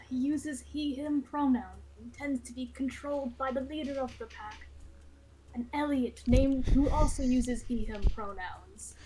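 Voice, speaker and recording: High-voiced woman in a hushed mock Aussie drawl. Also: unhurried, slight background noise, poor audio. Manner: hushed put-on Australian slang. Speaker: tabletop game player.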